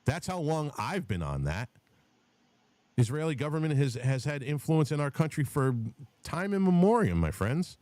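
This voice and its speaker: A man's voice: medium pitch, very animated, moderate pace, darkish tone, no echo. A man hosting a podcast who talks in a heated, profane way, telling stories and restarting his sentences. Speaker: podcast host. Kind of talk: casual political chat.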